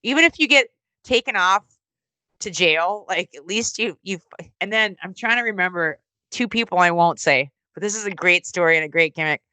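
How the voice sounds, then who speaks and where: Middle-aged woman spinning crazy road stories, bright tense voice, super dry sound, swears a lot and does voices. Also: normal speed, no echo, low-quality recording. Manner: animated, swearing, acts out quotes with big pitch jumps. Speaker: interview guest, former wrestling announcer and musician. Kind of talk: casual storytelling.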